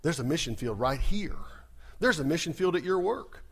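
A man preaching a sermon, animated and humorous, talking fast. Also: a little high. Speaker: pastor.

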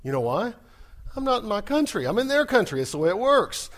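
A man preaching a sermon, animated and humorous, talking fast. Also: sits high. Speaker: pastor.

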